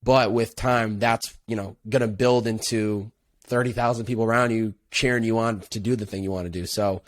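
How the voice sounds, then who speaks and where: A man's voice: on the low side, fairly even intonation, normal speed, no room sound. A young adult man, a podcast guest, telling his story in an earnest, reflective way with casual slang. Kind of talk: casual interview conversation.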